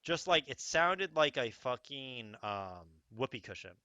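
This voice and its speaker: A young man spins a rowdy, profanity-laced story with a lively, bouncing pitch and a bright, forceful edge to his voice. He talks in a rambling casual way, tossing in little asides to the listener. The sound is dry and a bit dull, like a close home mic. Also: unhurried, clean tone, no room sound. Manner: animated, profane, rambling with frequent "okay?" asides. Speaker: streamer telling a story.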